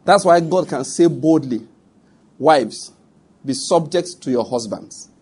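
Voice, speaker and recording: A man's voice: on the high side, animated, takes it slowly, darkish tone, husky. A middle-aged Nigerian man preaching a sermon, emphatic and direct, repeating his points and speaking straight to his listeners.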